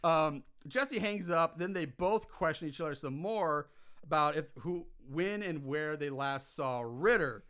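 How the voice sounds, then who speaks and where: Man, podcast co-host, bright tone, clear voice, animated movie recap, exasperated rants. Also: fairly high pitch, measured pace. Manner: animated, exasperated, ranting about plot holes. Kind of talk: casual plot recap.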